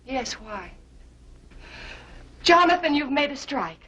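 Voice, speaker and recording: An actress playing a kind, soft-spoken frontier mother in an old western. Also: high-pitched, sing-song, slow, full character voice. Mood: gentle. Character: kind frontier mother, gentle and warm-hearted. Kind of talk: 1950s film acting. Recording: dull old film soundtrack with music.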